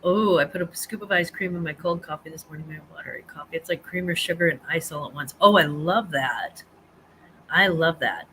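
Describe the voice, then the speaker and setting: A woman's voice: deep voice, fairly quick, pushed and bright, slight background noise. Chatty woman hosting a live stream. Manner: chatty, rambling, laughs often, with fillers and restarts. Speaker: host of a live chat stream. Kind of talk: casual live-stream chat reading comments.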